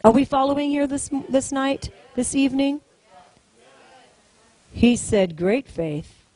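A woman's voice: high-pitched, fairly even intonation, measured pace, warm tone, poor audio. A woman preaching a sermon to a congregation, emphatic and repetitive, calling out to the room and getting them to repeat lines. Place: church service, in front of a congregation.

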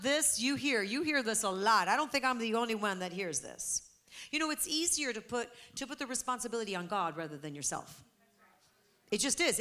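A woman's voice: a little high, pushed and bright. A woman preaching a sermon to a congregation, fervent and emphatic.

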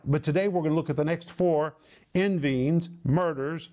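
A man giving a televised Bible teaching, emphatic and slowing down to stress key words. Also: on the high side, dark tone.

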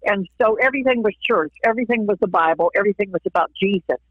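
Speaking fast in a medium-pitched, slightly rough voice, this Florida singer and evangelist gives her personal testimony in a casual interview. She laughs a lot and performs the voices of those she quotes. The audio is a tinny phone line, dry and close, with no room sound.

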